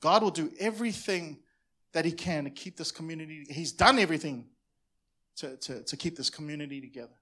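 High bright-voiced passionate pastor preaching. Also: male voice, a little fast. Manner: passionate, builds to loud preaching; stammers and repeats words. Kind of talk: sermon. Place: church stage.

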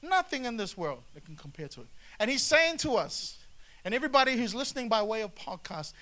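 A man preaching a sermon to a congregation, animated, with frequent asides and calls for the crowd to respond. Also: very high voice, brisk. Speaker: pastor.

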